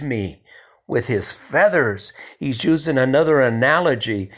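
A man preaching a sermon in a conversational way, building to emphatic lines and dropping to hushed, soft passages. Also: mid-range voice, expressive, measured pace.

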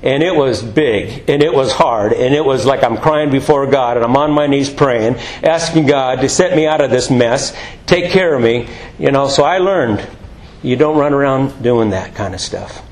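A man's voice: mid-range voice, normal speed, echoey room, poor audio. A man preaching a sermon, telling jokey stories and acting out voices. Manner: animated, jokey storytelling with acted-out voices.

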